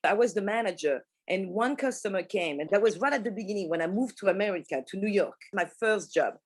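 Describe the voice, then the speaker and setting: A woman from France with a French accent, telling personal work stories in a casual, animated way, laughing often and swearing freely. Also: mid-range voice, fast talker. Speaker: pastry shop manager and teacher.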